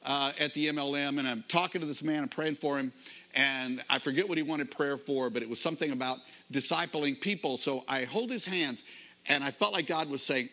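This middle-aged pastor preaches in a chatty, storytelling way, easing his pace whenever a key phrase needs weight. The voice is mid-range, bright and forceful.

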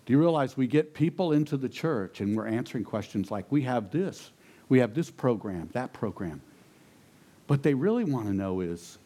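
A man's voice: medium pitch, normal speed. A man preaching to a congregation, telling a personal story and then building to emphatic questions. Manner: animated, rising to emphatic peaks. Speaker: pastor. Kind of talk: sermon storytelling.

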